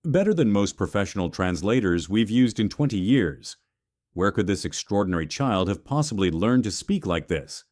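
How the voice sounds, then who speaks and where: Male narrator as a younger French investor, French accent, quick and hushed. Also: on the low side, big pitch swings, dry recording, clean studio sound. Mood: amazed. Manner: rapid, astonished whisper-like talk.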